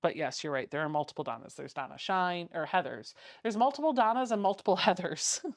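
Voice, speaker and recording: Talking a little fast with few pauses, the quilting host uses a lowish voice with lively intonation, recorded in studio quality without echo. She sews while chatting casually, reads viewer comments out loud, and hums bits of sound effects as she works.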